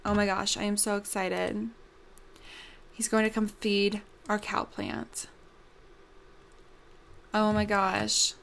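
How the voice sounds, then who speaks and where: A woman's voice: mid-range voice, little pitch movement, slow, vocal fry, long pauses, fairly bright tone, a little hiss or hum. A young woman hosting a casual gameplay commentary, bubbly and gushing, with lots of ums. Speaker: let's play host.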